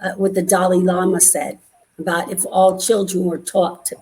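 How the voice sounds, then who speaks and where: A woman hosting an interview, asking questions in a measured way with frequent fillers. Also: fairly low pitch, flat delivery, a little mellow, low-quality recording. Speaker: host interviewer.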